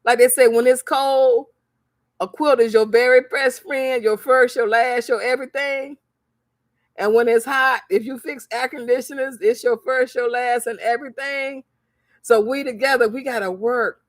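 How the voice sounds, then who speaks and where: A woman with a fairly high, steady voice speaks at a moderate pace in a clean studio recording with no room sound. A crafts seller and vlogger, she addresses viewers in a motivational livestream, animatedly telling stories, voicing the people in them, and repeating phrases for emphasis like a preacher.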